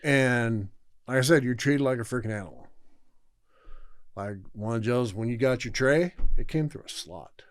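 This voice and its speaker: A man speaking in a blunt, matter-of-fact way, with plenty of swearing. His voice sits at an ordinary pitch and is recorded dry and close. He talks in a relaxed, conversational manner as a podcast guest. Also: normal speed, no echo. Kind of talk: casual chat.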